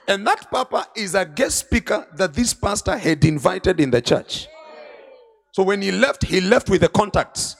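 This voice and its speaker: A man preaching a sermon at a conference, retelling scripture and stories with dramatic swings from quiet to shouting. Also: high-pitched, sing-song, normal speed, creaky, husky, faint music behind. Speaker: bishop preaching. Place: large conference hall.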